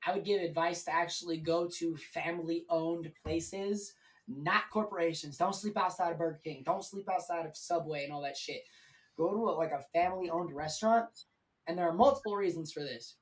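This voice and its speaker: A man's voice: a little high, normal speed, distant mic, rough recording. A man speaking as a guest on a live stream, telling his story in a candid, rambling way with plenty of swearing.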